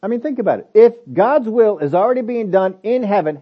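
A man's voice: lively intonation, a little fast, few pauses. Emphatic preacher man, dull lo-fi sound. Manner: emphatic, swings between loud stresses and low asides; asks many rhetorical questions. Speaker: pastor. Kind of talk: sermon.

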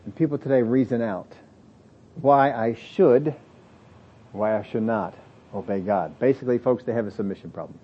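A man's voice: mid-range voice, normal speed, pauses often, breathy edge. Plain-spoken preacher man, lo-fi recording. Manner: plain-spoken, acts out imagined excuses in varied voices. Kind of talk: sermon. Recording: dull lo-fi audio recording.

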